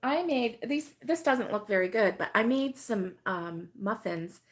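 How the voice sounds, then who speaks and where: A middle-aged woman hosting a casual crochet live stream, chatting with viewers by name and laughing often, her voice still hoarse from being sick. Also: medium pitch, expressive, a little slow. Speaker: crochet channel host.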